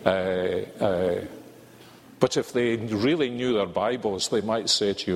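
An older man with a Scottish accent preaching a sermon in a measured, earnest way, drawing out key words. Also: on the low side, fairly even intonation. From Scotland. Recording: reverberant hall.

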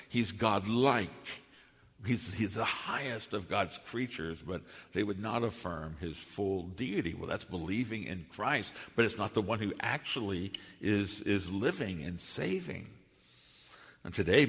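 Low husky preacher in an echoing hall. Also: male voice, a bit bright. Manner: earnest teaching cadence, slows to stress key phrases. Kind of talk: expository sermon. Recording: long reverb of a large hall.

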